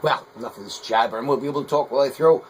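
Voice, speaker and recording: A man's voice: medium pitch, rapid-fire, a little hiss or hum, poor audio. A middle-aged man, a potter, talking casually and rambling with hesitant fillers. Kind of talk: casual vlog talk while working.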